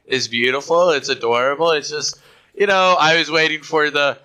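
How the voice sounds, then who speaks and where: A man's voice: a little high, normal speed. A man co-hosting a podcast, chatting casually and playfully teasing his friends. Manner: playful, teasing, acts out others' excitement. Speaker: podcast co-host. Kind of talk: casual chat.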